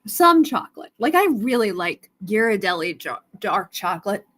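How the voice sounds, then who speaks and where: A woman's voice: mid-range voice, very animated, normal speed, a bit bright. A woman hosting a live stone sale stream, chatting casually and greeting viewers by name.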